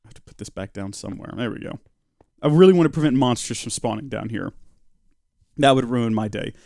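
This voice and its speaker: A man's voice: medium pitch, animated, a little fast, vocal fry, a little mellow, dry recording. Young male game streamer, dry close mic, chatty and self-mocking. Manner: chatty, self-mocking, answers chat as he plays. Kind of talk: casual live-stream commentary while playing.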